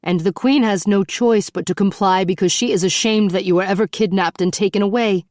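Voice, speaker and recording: A woman reading a hushed, ashamed ship captain. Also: mid-range voice, fairly quick, dry recording, clean studio sound, natural voice. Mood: somber, hushed. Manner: soft, hushed, apologetic. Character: grave, ashamed male ship captain, middle-aged.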